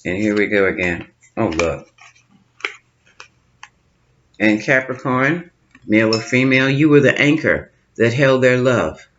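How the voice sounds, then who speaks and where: A man's voice: medium pitch, expressive, a bit bright. Man musing through a tarot reading. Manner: musing, thinking aloud with pauses. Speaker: tarot reader. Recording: slightly dull lo-fi sound with faint noise.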